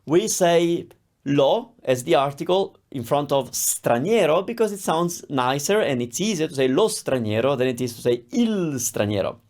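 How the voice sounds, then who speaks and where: A man's voice: on the high side, animated, moderate pace, a little mellow. Man teaching. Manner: explanatory, conversational, with many examples. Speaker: language teacher. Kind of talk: online language lesson.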